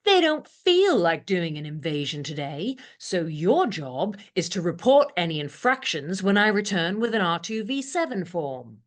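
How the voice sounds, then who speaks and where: A woman voicing an officious space-ship deck boss who loves her rank. Her voice sits fairly low but swoops widely as she barks orders. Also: sing-song, a little slow, hardly any pauses. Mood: bossy. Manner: commanding, officious. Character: bossy female deck sergeant, smug and strict. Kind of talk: audio comedy acting.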